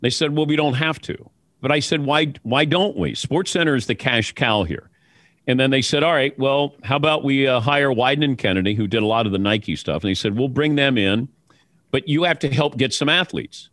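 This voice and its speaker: A man, a sportscaster, telling anecdotes in an interview in a relaxed way. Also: medium pitch, normal speed, no room sound, clean studio sound. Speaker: guest, sportscaster.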